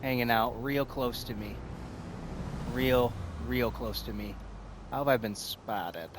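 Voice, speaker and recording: A man giving excited, casual commentary over his own gameplay, out of breath, laughing often and talking to himself as the action swings. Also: medium pitch, slow pace, noisy background. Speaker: gaming streamer.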